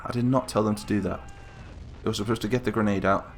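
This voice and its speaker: A man hosting casual, chatty game commentary, getting excited and calling out to the troops as he plays. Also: on the low side, fast. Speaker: gaming channel host. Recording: game gunfire and explosions behind voice.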